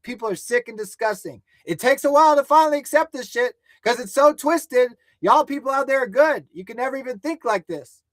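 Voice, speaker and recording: A man co-hosting a livestream news show, ranting angrily and swearing, rising to shouts at times. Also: extremely high pitch, animated, brisk, dry recording. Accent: American. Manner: angry, profane, shouting at times. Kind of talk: heated ranting livestream commentary.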